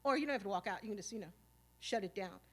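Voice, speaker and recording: A woman's voice: mid-range voice, racing. A woman, speaking on stage at a symposium and telling stories in a casual, streetwise, profane way, full of "you know" and "like", and acting out old arguments. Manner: animated, acting out past arguments. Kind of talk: storytelling talk at a symposium. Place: stage at a live event.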